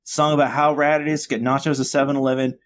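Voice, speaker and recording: A man's voice: medium pitch, level tone, fast. Sweary, jokey man co-hosting a podcast. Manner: jokey, sweary, trails off and repeats himself. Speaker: podcast co-host. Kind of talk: casual chat.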